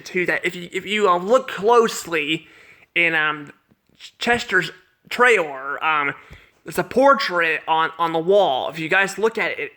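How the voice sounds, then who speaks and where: A man casually reviewing a cartoon episode off the cuff, rambling and halting, restarting his sentences and repeating words. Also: sits high, sharp tone.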